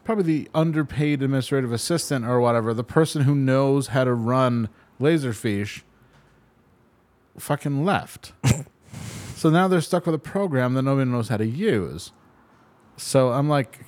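A man's voice: medium pitch, moderate pace, darkish tone. A man in casual chat, giving brief, dry reactions and wry remarks.

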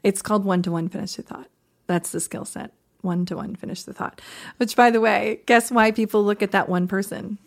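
Female podcast co-host, coach type, lively teaching delivery, mid-pitch. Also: a little fast, gravelly. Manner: animated, demonstrates voices while teaching. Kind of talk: casual podcast chat.

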